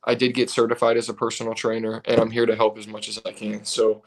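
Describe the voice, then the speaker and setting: A man's voice: lowish voice, quick pace. Tired man co-hosting a live stream; loose, rambling trainer talk. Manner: relaxed, rambling, reads comments aloud. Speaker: co-host, personal trainer. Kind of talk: casual live-stream chat.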